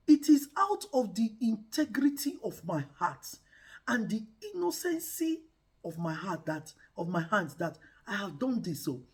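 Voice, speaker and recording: A woman voicing a panicked ancient king who shouts and pleads his innocence. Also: a little high, slightly rough, pitched above the performer's own voice, full character voice. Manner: frantic, shouting protests of innocence.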